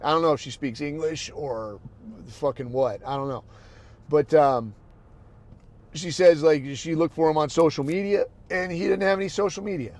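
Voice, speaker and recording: A man hosting a podcast, ranting in a crude, heated, blunt way that swings from low muttering to loud outbursts. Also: normal speed, no echo. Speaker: podcast host. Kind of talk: profane ranting monologue.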